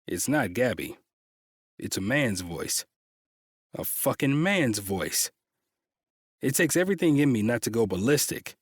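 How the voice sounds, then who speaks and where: A man's voice: medium pitch, sing-song, measured pace, pauses often, breathy edge, dry recording, clean studio sound. A man reading a first-person romance audiobook with a tense, frustrated delivery and frequent swearing. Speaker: audiobook narrator.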